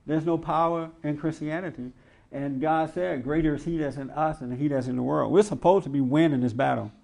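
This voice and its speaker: A man's voice: a little high, steady tone, a little fast, creaky, darkish tone. A man hosting a radio talk show, preaching with emphatic rhetorical questions and mocking quotes. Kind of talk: preaching commentary to a live audience.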